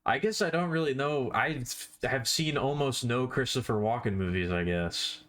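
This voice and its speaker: A man's voice: medium pitch, moderate pace, a bit bright. A man chatting casually on a live stream while he draws, rambling and self-deprecating, with offhand swearing.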